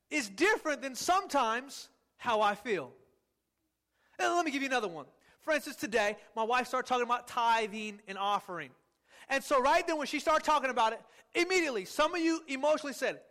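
High-voiced emphatic preacher man. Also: expressive, bright, forceful tone. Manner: emphatic, drawn-out words for stress; calls on the congregation to repeat words. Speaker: pastor. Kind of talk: sermon.

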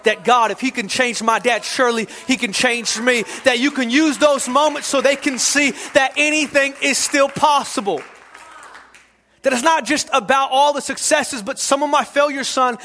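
A middle-aged male pastor with a high, bright, ringing voice delivers a sermon. He repeats his key lines for emphasis and swings from hushed drops into loud, emphatic bursts. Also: moderate pace. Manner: preaching with repetition and sudden shouts.

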